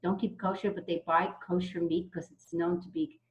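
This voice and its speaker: A woman's voice: fairly low pitch, flat delivery, normal speed. A woman student hesitantly offering an example during a class discussion, heard from across the room. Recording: dull, echoey, from far off in the room.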